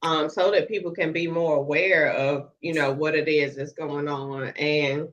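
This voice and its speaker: A woman's voice: low-pitched, steady tone, measured pace. A woman, co-hosting a casual discussion over a video call. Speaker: co-host. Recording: dull lo-fi call audio.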